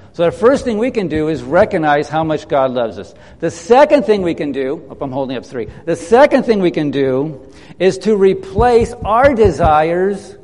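High-voiced preacher in a reverberant hall. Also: male voice, darkish tone. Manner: emphatic, slows down on key phrases, leads the congregation in call and response. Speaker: pastor. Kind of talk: sermon. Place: church hall.

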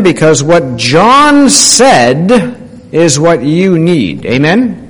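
High-voiced preacher man in a reverberant hall. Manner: emphatic, rising on key phrases, drops low at the ends of statements; addresses listeners with direct questions. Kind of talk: sermon.

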